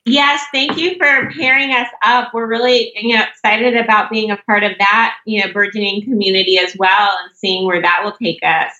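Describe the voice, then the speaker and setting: A woman guest chatting eagerly on a podcast, her voice bright and forward. The sound is echoey and muffled, as if from a remote call in a bare room. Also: medium pitch, steady tone, normal speed, few pauses. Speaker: interview guest. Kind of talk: casual interview chat.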